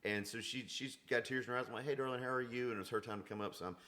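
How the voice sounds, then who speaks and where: In a casual podcast conversation, a male country singer rattles off stories in a rapid-fire, lowish voice. He brings them to life by performing the quoted back-and-forth.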